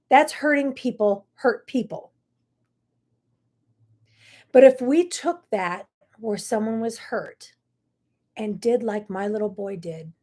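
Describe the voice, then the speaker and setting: A woman's voice: medium pitch, darkish tone, husky. A middle-aged woman hosting a talk show, telling a personal story in an earnest, emotional way with many asides. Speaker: host.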